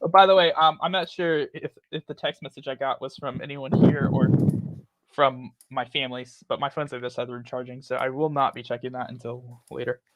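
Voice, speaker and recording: A man's voice: medium pitch, fairly even intonation, a little fast, fairly bright tone, dry recording. A rambling, chatty man hosting a casual talk stream, laughing often. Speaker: host. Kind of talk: casual chat.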